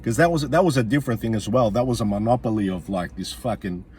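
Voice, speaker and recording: A man's voice: medium pitch, fast, a little mellow, slight background noise. A man, a comedian ranting bluntly and swearing often, repeating his points for emphasis. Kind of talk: profane comic rant.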